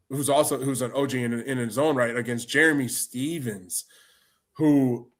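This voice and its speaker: A man's voice: mid-range voice, fairly bright tone. A man co-hosting a casual podcast, rambling and laid-back with many restarts. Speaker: podcast co-host. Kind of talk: casual chat.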